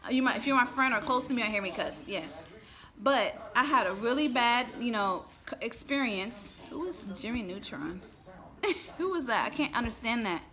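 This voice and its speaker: On a live stream at home, a vlogger with a sharp, animated, somewhat high voice vents at normal speed. She rambles, irritated and emotional, restarting often, as faint music plays and children chatter in the background.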